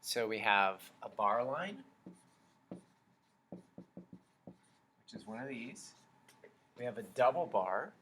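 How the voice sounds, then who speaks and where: A man teaching a children's music lesson, explaining slowly and patiently and chanting rhythm syllables. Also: mid-range voice, lively intonation, a bit bright, a little hiss or hum.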